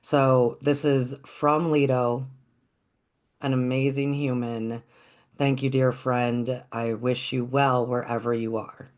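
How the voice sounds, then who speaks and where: A storyteller telling a folktale in a gentle, reflective, unhurried way. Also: medium pitch, little pitch movement.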